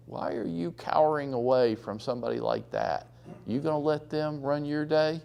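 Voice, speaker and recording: Guy coaching a room of real estate agents, blunt and lively, acts out what people say on the phone. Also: mid-range voice. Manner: blunt, animated storytelling with acted-out quotes. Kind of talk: live training talk to a room. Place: training room with audience.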